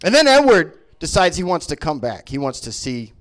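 A man doing a stand-up comedy set, profane and mocking, with quick voices for the people he makes fun of. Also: fairly high pitch. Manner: profane, animated, mocking impressions.

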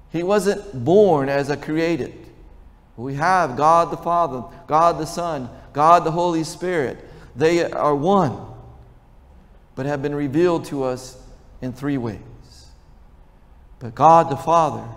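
An older man delivers a sermon from the pulpit, and his voice sits a bit higher than most men's. He keeps it conversational and keeps asking the congregation questions. A long reverb trails his words through the large church. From Texas. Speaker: pastor.

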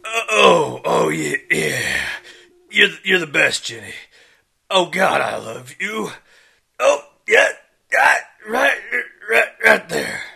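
A man's voice: high-pitched, very animated, slow, vocal fry, pushed and bright, husky, exaggerated voice. A man voicing a flustered, lovesick human being abducted by aliens in a cartoon. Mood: dreamy, dismayed. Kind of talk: cartoon voice acting.

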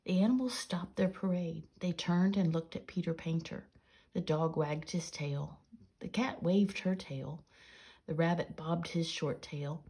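A woman reading an old children's story aloud in a soft, breathy storytelling manner. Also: sits low, unhurried.

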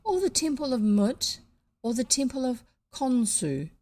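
A woman's voice: high voice, sing-song, measured pace, darkish tone, a little hiss or hum, voice pushed up, exaggerated voice. A woman voicing a courteous, scheming young male Egyptian priest who turns stern, in a read-aloud storybook. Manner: smooth and polite, then stern.

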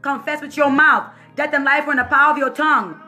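Bright high-voiced woman preaching. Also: fast talker, soft background music. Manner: animated, laughing often, casual slang. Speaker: minister. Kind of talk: informal prophetic preaching to camera.

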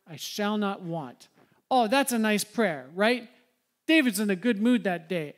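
Conversational male pastor preaching. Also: high-pitched. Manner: conversational, asks the congregation questions. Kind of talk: sermon. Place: church sanctuary.

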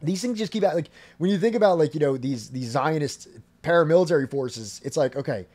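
A man's voice: on the high side, lively intonation, fairly quick, a little mellow. A man hosting a history podcast, reading passages and then explaining them in loose, filler-heavy talk. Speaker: podcast host. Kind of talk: casual history podcast commentary.

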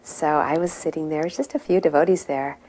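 A woman's voice: low-pitched, steady tone, moderate pace, warm tone. A middle-aged woman telling a personal memory of her spiritual teacher. She speaks with reverence and builds the story with rising intensity. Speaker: devotee recalling a spiritual teacher. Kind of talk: personal reminiscence.

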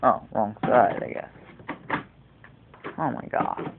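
A teenage boy with a gravelly, creaky voice rambles through a casual video blog, wandering off on tangents and swearing offhand. He is heard through a tinny, lo-fi webcam mic. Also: on the low side, animated, slow pace, background noise. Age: teens. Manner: rambling, digressive, casually profane. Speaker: vlogger.

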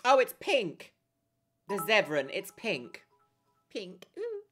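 A woman's voice: medium pitch, wildly swooping pitch, slow, a bit bright, soft background music. A young woman chatting casually on a live stream, giggling and thanking her viewers as she plays.

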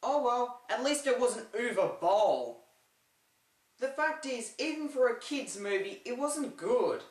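A woman giving a comedic, opinionated movie review with sarcastic deadpan asides. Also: a little high, takes it slowly. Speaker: film reviewer. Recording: roomy echo, distant from the mic.

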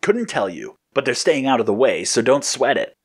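A man's voice: mid-range voice, very animated, normal speed, breathy edge. Cocky, laid-back male hero, breezy and casual; the male narrator's own voice.

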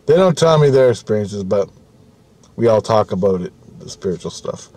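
A man's voice: lowish voice, lively intonation, moderate pace, a little mellow. A man telling a story casually, rambling, swearing often and restarting his sentences. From Canada.

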